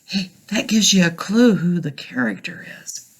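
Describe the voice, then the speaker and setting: A woman teacher reading a picture book aloud to children, gentle and instructive, talking straight to her listeners. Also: mid-range voice, normal speed, vocal fry, slightly rough.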